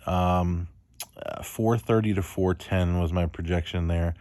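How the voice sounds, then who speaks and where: Low flat-voiced man rambling on football. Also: a little slow, dry recording, studio quality. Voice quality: monotone, self-described. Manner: rambling, lots of ums and uhs. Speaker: fantasy football league host. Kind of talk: solo casual podcast commentary.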